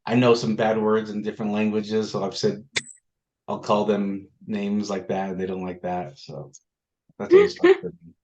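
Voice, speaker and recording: A man's voice: fairly low pitch, big pitch swings, normal speed, lo-fi sound, noisy background. A man hosting a casual group discussion, telling jokey stories and asking for questions. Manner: joking storyteller. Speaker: notary meetup host.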